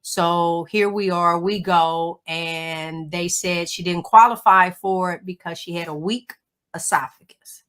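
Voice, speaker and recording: A middle-aged woman, a guest on a livestream call, telling a personal story in an emotional, animated way. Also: fairly low pitch, measured pace. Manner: emotional, animated storytelling with Southern turns of phrase.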